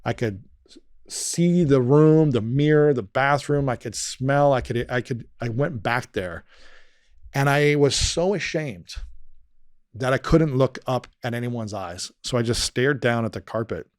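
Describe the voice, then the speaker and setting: A man, a podcast guest, telling a personal story in conversation, earnest and emotional, often dropping quiet and slowing down. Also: medium pitch, clean tone, no echo, studio quality.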